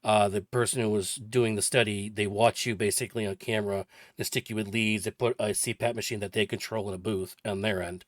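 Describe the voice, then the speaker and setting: A man's voice: lowish voice, fairly even intonation, fairly quick, no echo, studio quality. A man in his forties casually recounting a personal story for a vlog, chatty and rambling with lots of detail. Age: 40s. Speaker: vlogger.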